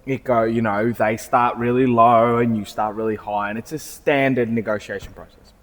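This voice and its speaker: A man's voice: mid-range voice, fairly even intonation, moderate pace. Man rambling in reverberant showroom. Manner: rambling, restarts often, swears casually. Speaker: car salesman and podcast co-host. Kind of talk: casual chat. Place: car showroom.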